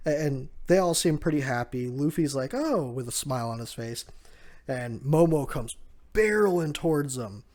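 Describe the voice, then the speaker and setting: A man's voice: mid-range voice, expressive, normal speed, a little mellow. A man giving a casual, chatty recap of a comic chapter, with frequent fillers and restarts and an amused tone. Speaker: manga chapter reviewer.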